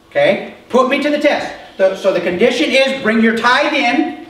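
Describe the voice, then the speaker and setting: A man with a high voice preaches a sermon in a relaxed, chatty way, often asking his listeners whether they follow. He is picked up from a distance in a very echoey church hall. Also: normal speed. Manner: conversational preaching, asks the congregation questions. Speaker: pastor.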